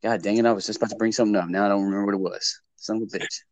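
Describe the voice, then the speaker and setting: A man's voice: on the low side, fairly even intonation, rapid-fire, dry recording, low-quality recording. A man in casual chat, rambling and hedging as he talks, swearing offhand.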